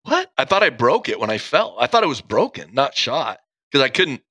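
A man's voice: mid-range voice, big pitch swings, brisk, sharp tone, slightly rough, no echo. Candid, profane male storyteller, dry sound. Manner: candid, profane, vivid retelling. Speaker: guest, police officer. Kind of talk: personal storytelling.

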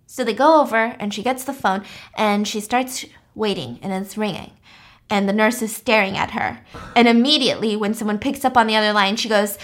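A woman's voice: mid-range voice, steady tone, a little fast. A young woman casually retelling a story for a podcast, chatty and full of "like", acting out the quotes as she goes. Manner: chatty, lots of "like", acts out quotes.

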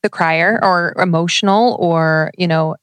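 A woman co-hosting a podcast who asks her question haltingly, pausing to search for words. Her voice is lowish and the recording is dry. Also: fairly even intonation, smooth, no echo. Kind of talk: podcast conversation.

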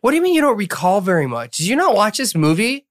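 A man's voice: sits high, wildly swooping pitch, fast talker, dry recording, clean studio sound. A man co-hosting a podcast in casual chat, playful and teasing his friends. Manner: playful, teasing, self-mocking. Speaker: podcast co-host. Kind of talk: casual film-discussion chat.

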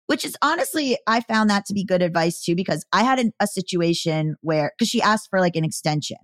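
A woman's voice: mid-range voice, fairly quick, no room sound, studio quality. Chatty woman telling stories casually. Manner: chatty, animated storytelling with quoted voices. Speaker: podcast host. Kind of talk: casual podcast chat.

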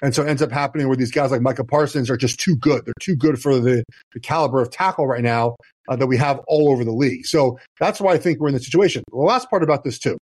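A man's voice: medium pitch, fast, darkish tone, breathy edge, no room sound. A former football player in his thirties, guest on a talk show, explaining plays in a casual, restart-heavy way. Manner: explanatory, many restarts and "you know". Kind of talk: casual podcast chat.

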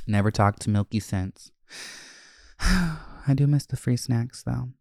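A man hosting a podcast, telling stories in a brash, profane, animated way and acting out quotes. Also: medium pitch, slow pace, gravelly, long pauses, no room sound, studio quality. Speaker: podcast host. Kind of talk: casual storytelling chat.

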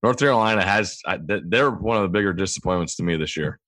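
A man's voice: low voice, lively intonation, fast, fairly bright tone, dry recording. A man speaking as a guest analyst in casual sports chat, rambling and correcting himself. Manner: rambling, self-correcting talk.

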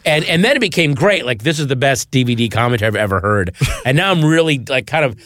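A man, a guest comedian, telling stories in animated casual chat and acting out gruff quotes. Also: mid-range voice, fast, noisy background.

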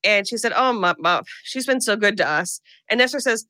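Bright, animated woman recapping a film. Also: medium pitch, a little fast, dry recording. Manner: animated storytelling, acts out characters' lines in put-on voices. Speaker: podcast co-host recapping a film. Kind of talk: casual comedic movie recap.

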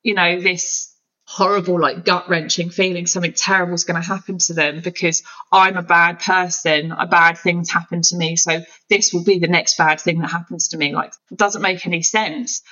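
A woman's voice: lowish voice, steady tone, normal speed, bright, forceful tone, dull audio. A woman talking openly and emotionally as a podcast guest, in an open, searching way. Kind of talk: candid conversation.

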